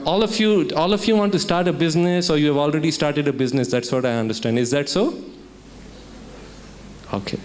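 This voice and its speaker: A man from India, his voice a little high, speaks as keynote at a student summit, telling a story and questioning the audience in a motivational talk. The lecture-hall recording carries a slight hiss or hum.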